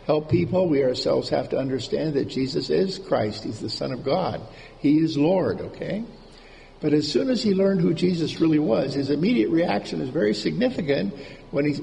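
Gravelly, mellow-voiced male preacher. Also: on the high side. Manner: informal, repeats key words for emphasis. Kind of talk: conversational sermon. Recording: reverberant hall with faint background noise.

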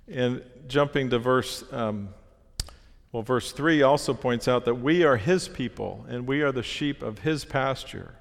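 A man giving a sermon, teaching in an earnest, steady way with small restarts. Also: medium pitch. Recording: long reverb of a hall.

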